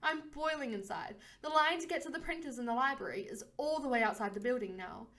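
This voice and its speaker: A woman reading a story game aloud in an expressive way, narrating and voicing the heroine with frequent laughs. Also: high-pitched, fast talker. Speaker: game streamer. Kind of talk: reading a visual novel aloud.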